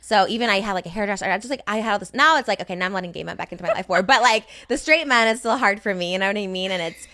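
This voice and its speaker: Brief: woman, 30s, podcast guest, rapid rambling delivery, filler-heavy and emphatic. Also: mid-range voice, sharp tone. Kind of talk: candid podcast conversation. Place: podcast studio.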